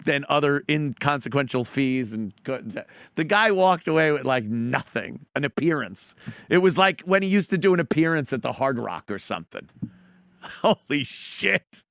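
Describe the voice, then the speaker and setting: Male host, high lively gravelly voice, bright tone, sneering commentary, dry sound. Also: normal speed, no echo. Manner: mocking, profane, mimics voices. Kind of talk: reaction commentary on clips.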